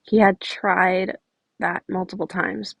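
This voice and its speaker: Casual woman podfic reader; gravelly, husky, very dry recording. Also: medium pitch, flat delivery, slow, a bit bright, no echo, rough recording. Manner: casual, self-correcting with chatty asides. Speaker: fan fiction reader. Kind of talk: podfic narration.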